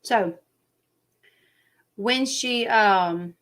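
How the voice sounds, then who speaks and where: A woman's voice: mid-range voice, normal speed, a bit bright. Woman host, Southern country accent, chatty livestream commentary, rambling delivery. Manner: chatty, rambling, acts out quoted people. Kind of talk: casual livestream chat.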